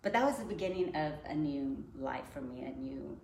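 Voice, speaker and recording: A woman's voice: low voice, expressive, normal speed, gravelly, a little mellow. A woman telling a personal faith story in casual conversation, laughing often and acting out her own past thoughts. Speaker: guest. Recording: echoey room, faint noise.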